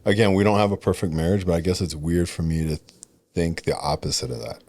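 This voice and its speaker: A man in his thirties with a very deep voice co-hosts a relaxed talk about marriage. His speech is hesitant and full of restarts, recorded dry and close in a studio. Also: fast talker, dry recording. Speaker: podcast co-host. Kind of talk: casual marriage chat.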